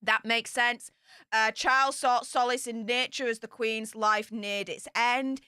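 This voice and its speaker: A woman's voice: on the high side, steady tone, a little slow, sharp tone, smooth, no echo, clean studio sound. A woman casually commenting on royal news, reading out points and adding chatty, emphatic asides.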